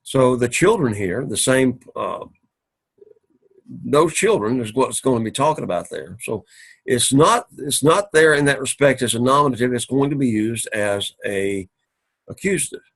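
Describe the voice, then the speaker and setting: Husky-voiced man teaching a methodical class. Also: medium pitch, expressive, fairly bright tone. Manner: methodical, repeats and rephrases, pauses to clear throat. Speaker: Greek teacher. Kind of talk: recorded classroom lecture. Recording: recorded for an online class.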